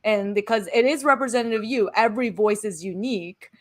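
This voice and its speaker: A woman's voice: medium pitch, fast talker. A woman in her thirties, a former actor and producer, talking candidly and animatedly in casual chat, swearing now and then.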